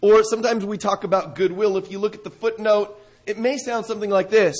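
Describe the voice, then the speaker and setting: A man with a high voice preaches a sermon. He moves between reading scripture and explaining it in an easy, conversational way. He asks the listeners questions and punches the important words. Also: steady tone, a little fast. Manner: reads scripture then explains it, rising to emphatic stresses; conversational, with restarts and rhetorical questions.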